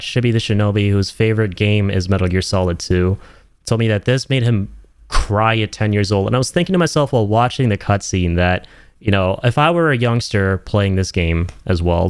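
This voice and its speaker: A man's voice: lowish voice, a little fast, clean tone, no echo, clean studio sound. A young man giving an enthusiastic, emphatic video game review in casual, slangy talk.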